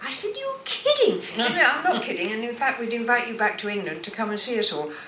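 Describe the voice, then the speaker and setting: A woman in her seventies, an actress guest telling expressive stories at a stage Q&A. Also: a little high, quick pace, slight background noise. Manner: animated, expressive storyteller. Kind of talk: anecdotal panel chat. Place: cinema stage Q&A. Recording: echoey hall, picked up from far.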